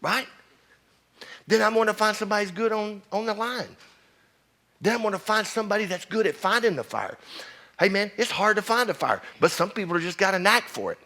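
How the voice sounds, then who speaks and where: Fire chief, middle-aged man, fiery and blunt, raised pitch, bright edge. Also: animated, a little fast. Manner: blunt, preachy, keeps asking the crowd questions. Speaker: fire chief speaking at a conference. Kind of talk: fiery conference speech.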